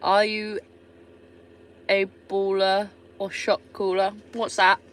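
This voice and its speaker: A woman's voice: mid-range voice, level tone, takes it slowly, a bit bright. Sweary Somerset woman chatting on a livestream. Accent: Somerset English. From England. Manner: chatty and sweary, reading out viewer comments. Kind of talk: casual live-stream chat.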